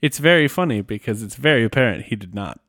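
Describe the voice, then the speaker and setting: A man's voice: mid-range voice, animated, fast talker, a bit bright, no room sound, studio quality. A man co-hosting a casual podcast, teasing his partner with playful, rambling asides. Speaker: podcast co-host.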